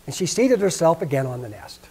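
A man reading a fairy tale aloud with expressive storytelling at a Sabbath service. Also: a little high, fairly quick, husky.

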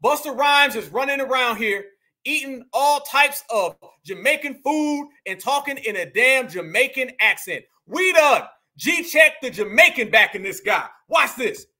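A man with a very high, sharp, bright voice delivers mocking reaction commentary to his viewers. He jeers, repeats catchphrases and turns up the volume to a shout when he's worked up. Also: animated, measured pace. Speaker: commentary show host.

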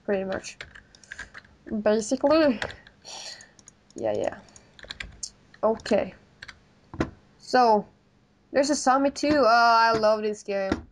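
A woman's voice: a little high, very animated, a little hiss or hum. A woman hosting casual gaming commentary, giggly and laid-back, yelping at what happens in the game. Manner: giggly, slow-spoken, yelps at game events. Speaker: host.

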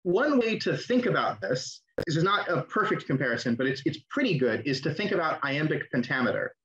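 A man's voice: a little high, very animated, brisk, fairly bright tone. A young man teaching an online class, explaining in a casual way with fillers and restarts. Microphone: video call. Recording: dull lo-fi audio.

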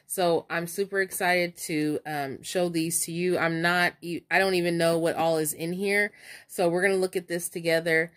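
A woman chatting excitedly in a casual vlog, stuttering now and then as she leafs through coupon inserts. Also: lowish voice, normal speed. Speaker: couponing vlogger. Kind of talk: casual show-and-tell vlog.

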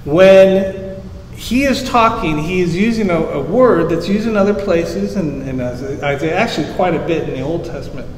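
A man with a fairly high voice gives a sermon in a church sanctuary, explaining the text in a casual, teaching tone. His voice rings through a large echoey hall with a long tail of reverb and faint room ambience behind it. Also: animated, moderate pace, a little hiss or hum. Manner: conversational teaching, explains Hebrew terms simply, rises emphatic on scripture. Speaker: pastor.

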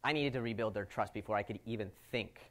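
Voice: mid-range voice, quick pace, fairly bright tone. A speaker giving a security conference talk from a stage, stressing key points by repeating them.

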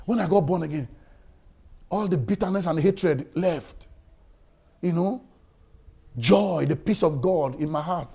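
A man preaching a sermon, telling a story that moves from quiet talk to loud, excited shouting, often repeating his words. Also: a little high, a little slow, creaky, long pauses, breathy edge. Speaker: pastor.

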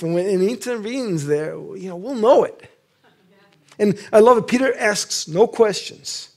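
A man's voice: high-pitched, darkish tone. A middle-aged male preacher giving a casual sermon, acting out scenes and laughing often.

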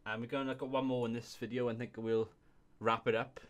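Giggly young man with a bright voice. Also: mid-range voice, flat delivery, fast talker. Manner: giggly, keeps breaking into laughter. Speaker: video host. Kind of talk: casual comedic commentary reading reviews aloud.

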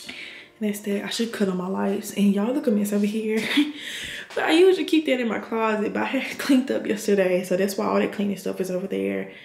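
A woman's voice: mid-range voice, fairly quick, vocal fry, darkish tone. A woman in her twenties touring her apartment in a casual vlog, chatting to viewers as y'all. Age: 20s. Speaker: nurse vlogger. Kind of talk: casual home tour vlog. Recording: echoey room with faint noise.

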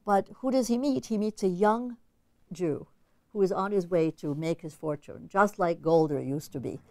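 Gravelly low-voiced woman lecturing. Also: moderate pace, a little mellow. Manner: analytical, conversational, thinking aloud. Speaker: literature lecturer. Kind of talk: academic lecture.

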